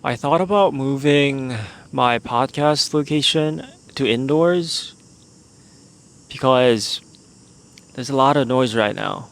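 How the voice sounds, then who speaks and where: A man's voice: medium pitch, takes it slowly, gravelly, a bit bright. A young man hosting a casual solo podcast outdoors in the evening, rambling and unsure as he thinks aloud. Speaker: podcast host.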